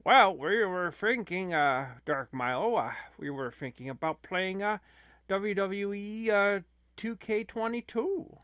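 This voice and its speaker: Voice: medium pitch, unhurried, a bit bright, dry recording, studio quality, natural voice. A performer playing a folksy male gamer with a shaky put-on Minnesotan accent who rambles, with lots of fillers, in a comedy gaming sketch. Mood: eager.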